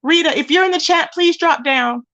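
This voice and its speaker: High-voiced chatty woman on a livestream. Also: moderate pace, fairly bright tone, dry recording, highs cut off. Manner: chatty, greets viewers with pet names. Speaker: livestream host. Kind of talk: casual gossip livestream. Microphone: phone.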